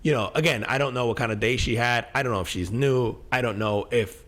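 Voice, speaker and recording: A middle-aged man spins a story on a podcast, swearing freely and tripping over his own restarts. His voice sits at an ordinary pitch but jumps up and down as he acts out the scene. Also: brisk. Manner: animated, profane, many fillers and restarts. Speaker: podcast co-host. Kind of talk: casual storytelling chat.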